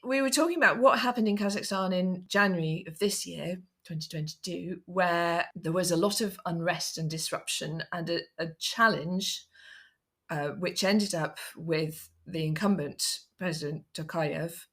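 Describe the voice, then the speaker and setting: Lower-voiced middle-aged British woman host. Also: normal speed, a bit bright. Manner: thoughtful, self-correcting, wry. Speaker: podcast co-host. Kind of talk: conversational expert discussion.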